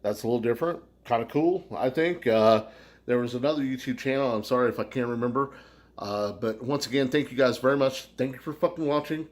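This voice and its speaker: An American man chatting casually to his viewers in a loose, rambling way. He swears freely and fills his pauses with plenty of ums and uhs, and his voice sits at a mid pitch. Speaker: beer review vlogger. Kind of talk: casual shout-outs to viewers.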